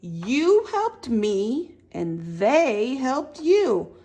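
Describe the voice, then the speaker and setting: A proud, bossy dump truck from a picture book talks in slow, drawn-out, self-important phrases, played by a woman reading aloud. The voice stays fairly high, with lively swings of pitch. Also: heavily acted. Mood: humbled.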